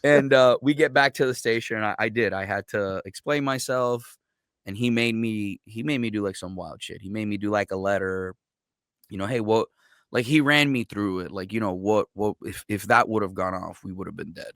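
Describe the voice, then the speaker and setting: A man who is a military veteran, guest on a podcast, telling stories in a casual, profane, animated way and acting out what others said. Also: lowish voice, normal speed, dry recording, clean studio sound. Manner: profane, animated storyteller who acts out quotes. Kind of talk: casual storytelling.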